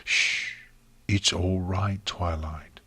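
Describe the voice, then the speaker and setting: A man reading an audiobook, voicing a gentle, motherly pony princess who speaks softly and soothingly. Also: low voice, fairly even intonation, very slow, breathy edge, no room sound, heavily acted. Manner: soothing, soft.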